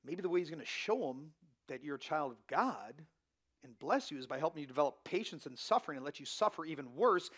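A man's voice: fairly high pitch, fairly bright tone. A male pastor preaching a sermon in a conversational, emphatic way, often checking in with the congregation.

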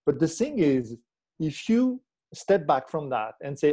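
In an interview, a relationship coach reflectively explains his ideas, checking in with the listener through tag questions as he goes. His voice is fairly high and sing-song, a little slow, with a warm tone.

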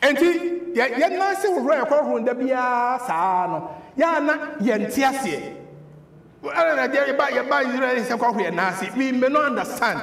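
A man with a Ghanaian accent preaching a sermon as pastor, animated and repeating words for emphasis. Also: very high-pitched, brisk, gravelly. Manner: switches between English and Twi, animated preaching with repeated words. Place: church hall. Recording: echoey church hall.

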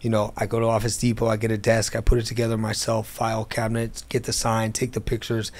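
This man talks fast in a lowish voice as he recounts his business story during a relaxed interview in an airplane hangar. He's animated, performing the dialogue of the people in his tale.

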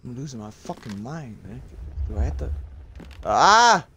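A man's voice: medium pitch, big pitch swings, a little slow, bright, forceful tone, slightly rough. Jumpy, foul-mouthed young male streamer. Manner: profane, jumpy, screams in fright. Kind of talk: live horror game commentary.

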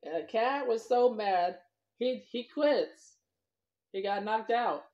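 A woman's voice: on the high side, lively intonation, takes it slowly, darkish tone. A woman vlogger telling a children's story, rambling loosely and talking to the kids as boys and girls. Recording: dull lo-fi recording.

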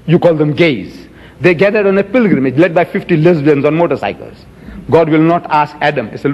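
A man's voice: a little high, a little mellow. A man giving an emphatic religious lecture to an audience, quoting scripture with dramatic swings in his voice. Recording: dull lo-fi archive recording in a reverberant hall.

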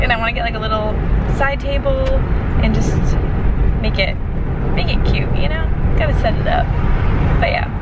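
A young woman in her twenties chatting casually to her camera at home, giggly and self-mocking. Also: fairly high pitch. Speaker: vlogger. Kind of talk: casual vlog chat to camera. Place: home kitchen and small room, indoors. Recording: noisy home camera audio.

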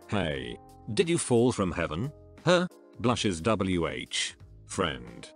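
A man narrating posts in a scripted reading, doing lower voices for the quoted lines.

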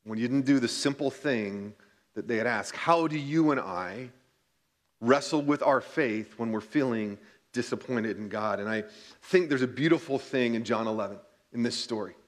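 A pastor reading scripture aloud in church and reflecting on it in an earnest sermon, slowing down to stress key points. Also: male voice, mid-range voice. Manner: earnest, reads scripture then reflects, slows for emphasis.

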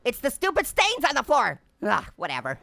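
Hyper, squeaky talking orange cartoon. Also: male voice, huge pitch swings, brisk, gravelly, pushed and bright, dry recording, full character voice. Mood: gleeful. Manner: punning, giggly, constant exclamations. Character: wisecracking male talking orange, hyper and giggly. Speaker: gaming channel host. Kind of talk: cartoon let's-play commentary in character.

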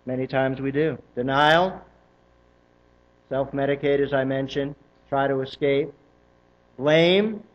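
A male pastor preaching a sermon in a church, emphatic and animated, with joking asides to the congregation. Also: fairly high pitch, lo-fi sound. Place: church sanctuary.

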